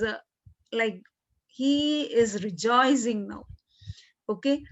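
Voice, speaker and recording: Woman teacher, fairly high voice, slow and patient, dull lo-fi recording. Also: fairly bright tone. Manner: slow explaining, frequent "okay" and throat clearing. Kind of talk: classroom literature lesson.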